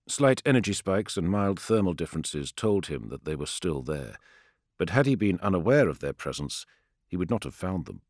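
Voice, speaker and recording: A man narrating an audiobook in a measured, grave storytelling manner, recorded on a close studio microphone. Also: low-pitched, no room sound. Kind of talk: scripted dramatic narration.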